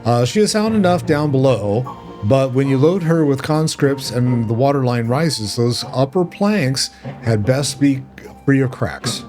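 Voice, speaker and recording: A man's voice: mid-range voice, lively intonation, unhurried, darkish tone, faint music behind, lightly acted. A man voicing a blunt, mercenary male pirate captain from a video game, reading the lines aloud boldly. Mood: gruff. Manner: bold, boastful, reads game lines aloud with small stumbles.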